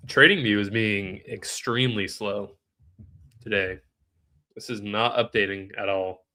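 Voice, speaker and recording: A man's voice: fairly low pitch, fairly even intonation, a little slow, pushed and bright. A man with a nasal, stuffed-up voice, live-streaming trading commentary in a casual way, thinking aloud and answering chat questions.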